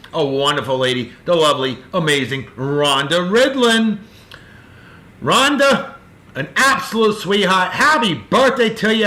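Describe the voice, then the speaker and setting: A man hosts his daily video and hands out effusive, upbeat birthday greetings. His voice sits a little high and sounds crisp and forceful. The recording rings with the echo of a bare room. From Martha's Vineyard, Massachusetts. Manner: upbeat, effusive, talks straight to friends. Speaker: host of a daily beer video. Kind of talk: casual birthday shout-outs. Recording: echoey room.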